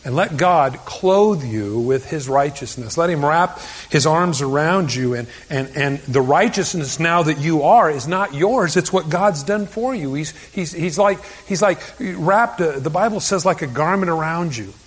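Male pastor, sermon delivery, earnest conversational tone with stammered restarts; high voice, long reverb of a church hall. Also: expressive, a little slow, breathy edge.

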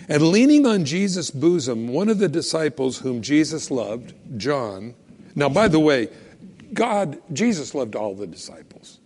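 A man preaching a sermon in a casual, animated way, acting out little scenes and quotes as he goes. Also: fairly high pitch. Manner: animated, conversational, acts out quotes. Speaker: pastor. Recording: long hall reverb.

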